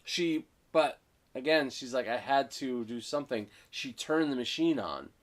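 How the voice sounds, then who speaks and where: A man co-hosting a casual movie review, eagerly retelling scenes and acting out the characters' lines. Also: medium pitch. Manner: excited retelling, acting out lines with quick voice switches.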